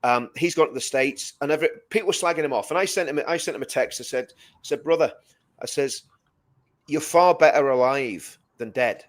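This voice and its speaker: A man's voice: on the high side, fast talker. A man co-hosting a live stream, talking emphatically and repeating words as he builds his point. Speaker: co-host. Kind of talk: casual live-stream chat.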